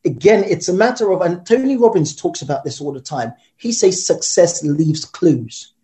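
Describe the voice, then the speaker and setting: Man guest, animated storyteller, dark mellow voice, quick delivery. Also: high voice. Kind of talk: storytelling interview talk.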